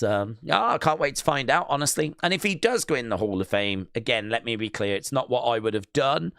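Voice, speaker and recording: Chatty male streamer musing aloud, smooth tone, dry sound. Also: mid-range voice, a bit bright, dry recording. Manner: reads news items aloud to viewers. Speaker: wrestling stream host. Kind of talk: live watch-along commentary.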